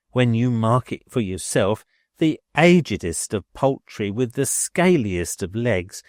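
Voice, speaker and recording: A man voicing a haughty, sarcastic lower-class landlady who speaks with lofty, ungrammatical scorn. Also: no room sound, clean studio sound. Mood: scornful.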